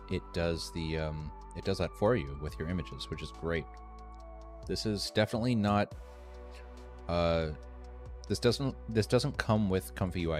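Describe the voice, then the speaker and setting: A man teaching a live screen-share tutorial, thinking aloud in a relaxed way with ums and restarts. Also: low-pitched. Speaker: streamer teaching AI animation. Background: faint music.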